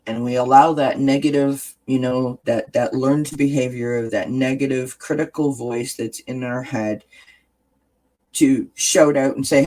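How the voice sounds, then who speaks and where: A man's voice: medium pitch, fairly even intonation, measured pace, darkish tone, rough recording. A man hosting a casual wellness chat, talking straight to his viewers in an earnest, encouraging way and repeating key phrases. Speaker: host.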